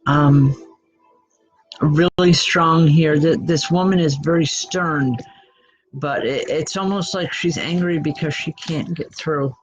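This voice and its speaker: A woman's voice: deep voice, slow pace, faint music behind. A woman working as a spiritual medium, delivering readings to a gathered group in a chatty, folksy way. She talks bluntly and makes jokes at her own expense. The recording sounds dull and lo-fi. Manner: chatty, folksy, self-deprecating; blunt, direct.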